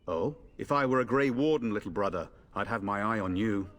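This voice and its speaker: A man's voice: lowish voice, fairly quick, fairly bright tone, natural voice. A man playing a cocky young noble knight. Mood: jaunty. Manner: jaunty, teasing, bold. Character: confident eldest noble son, young knight. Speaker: game character.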